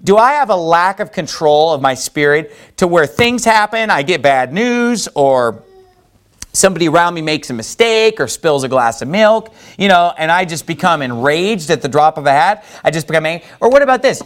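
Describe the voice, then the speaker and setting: This conversational sermon comes from a man whose voice is on the high side and expressive, at a moderate pace. He preaches loosely and folksily, rambling, restarting often and leaning heavily on "you know."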